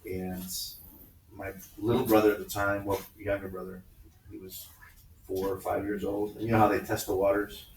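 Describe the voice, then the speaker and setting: A lower-voiced male teacher in his fifties spins animated stories for his class, jumping into squeaky voices for the people in them. He sounds far from the mic in an echoey classroom, with a faint hiss underneath. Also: moderate pace. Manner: animated, acts out family voices with high-pitched quotes. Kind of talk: casual classroom storytelling.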